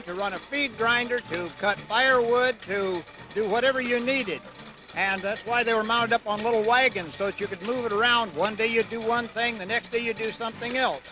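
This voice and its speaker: A man being interviewed outdoors at a fair beside running machinery. His voice sits fairly high for a man. He answers in a plain, matter-of-fact way, patiently explaining how things work. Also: normal speed. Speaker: antique engine club member.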